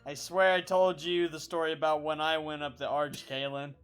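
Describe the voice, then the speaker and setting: Brief: male streamer, slightly high-pitched, playful joker, goofy accents for laughs. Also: level tone, normal speed, a bit bright, smooth, soft background music. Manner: joking, drops into silly put-on accents. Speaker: stream co-host. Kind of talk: casual gaming stream banter.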